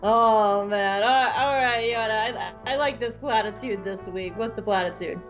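A woman from the American South hosting a casual podcast chat, talking in an animated way and acting out quoted dialogue. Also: fairly high pitch, moderate pace, lo-fi sound, music in the background. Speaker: podcast host.

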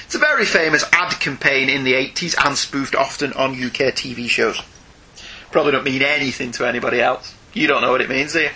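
A British man in his forties co-hosting a casual comics discussion, animated and joking. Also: medium pitch, a little fast. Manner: animated, breaks into plummy posh-British voices for jokes. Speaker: podcast co-host.

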